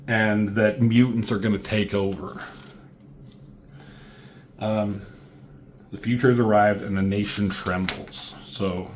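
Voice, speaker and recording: A man's voice: lowish voice, slight background noise. Rambling casual male comic reviewer. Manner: rambling, lots of ums and likes, swears casually.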